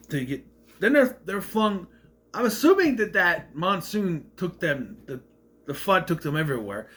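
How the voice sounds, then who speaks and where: Guy rambling thru a movie recap, lively up and down voice, kinda high. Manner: rambling, self-correcting retelling.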